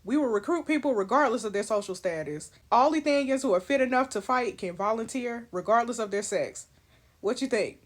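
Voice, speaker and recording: A woman reading as a steady, formal king. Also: on the high side, brisk. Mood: calm, formal. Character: steady regal adult male king.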